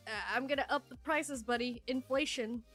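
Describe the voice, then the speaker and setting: Bright, high-voiced giggly woman streamer. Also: fairly even intonation, moderate pace, faint music behind. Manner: giggly and playful, laughs often and teases the chat. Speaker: live streamer reading super chats. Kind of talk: casual live-stream chat.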